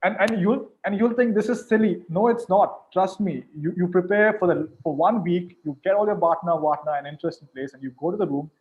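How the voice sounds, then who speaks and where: A man judging mediation competitions gives informal coaching advice in an animated way, often repeating words as he starts a sentence. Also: high-pitched, brisk, hardly any pauses, muffled recording.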